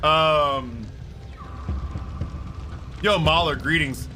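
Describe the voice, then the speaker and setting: A Twitch streamer chats while playing a game, rambling, swearing and packing his speech with filler words. His slightly high voice drags words out, heard over music and clear background noise.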